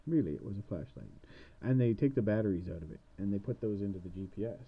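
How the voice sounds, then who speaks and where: A man's voice: fairly low pitch, expressive, fast, gravelly, breathy edge, soft background music. A man retelling a fairy tale casually, rambling with sarcastic asides, on a dull lo-fi recording. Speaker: storyteller.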